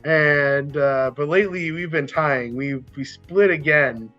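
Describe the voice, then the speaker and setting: A man's voice: on the high side, measured pace, sharp tone, soft background music. A man hosts a casual football podcast in a slightly raised voice. He rambles, corrects himself mid-sentence, and the recording sounds a little dull. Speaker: podcast host. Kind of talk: casual chat.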